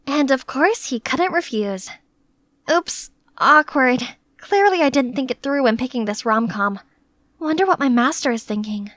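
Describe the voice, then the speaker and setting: A young woman tells an animated story in the first person with a lively, chatty delivery. Her voice is very high and bright, recorded close and dry with no room sound. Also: a little slow, no room sound. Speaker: narrator.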